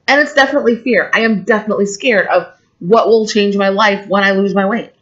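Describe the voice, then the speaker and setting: A woman's voice: medium pitch, quick pace, few pauses, fairly bright tone. A woman in her forties talking candidly and emotionally in a personal vlog, rambling with restarts. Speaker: vlogger. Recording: dull lo-fi home recording.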